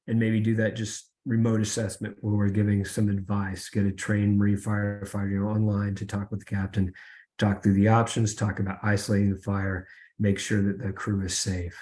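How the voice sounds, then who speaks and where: A middle-aged man giving a webinar presentation over a video call, pausing often with fillers and restarts. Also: lowish voice, darkish tone. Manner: halting, many fillers and restarts.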